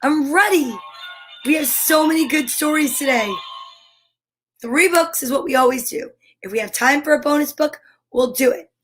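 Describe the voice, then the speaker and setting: A woman reading picture books aloud to children from her home studio, playful and animated, doing animal sounds. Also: high-pitched, moderate pace, soft background music. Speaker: children's story reader.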